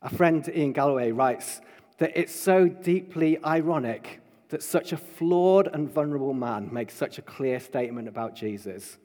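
A man preaching a sermon to his congregation, building emphatically to loud proclaiming peaks. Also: mid-range voice, lively intonation, normal speed. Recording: long hall reverb.

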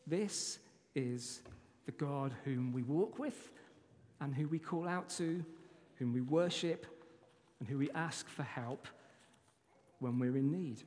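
A man preaching a sermon as pastor, lively and playful, talking straight to kids and adults. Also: on the high side, takes it slowly. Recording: long hall reverb.

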